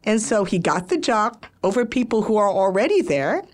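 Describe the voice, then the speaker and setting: A woman's voice: mid-range voice, sing-song, moderate pace. Older woman hosting a chatty radio show. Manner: chatty, laughs often, tells anecdotes. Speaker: radio talk show host. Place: radio studio. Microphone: studio microphone.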